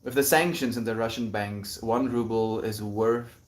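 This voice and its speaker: A man's voice: lowish voice, steady tone, moderate pace. A man hosting his daily livestream, answering chat in a reflective, rambling way with many fillers.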